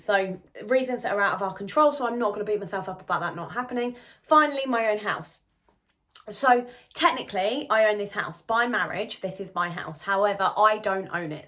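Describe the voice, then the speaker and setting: A woman's voice: medium pitch, fairly bright tone. A woman in her twenties talking casually to camera at home as a lifestyle vlogger, chatty and rambling with plenty of restarts. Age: 20s.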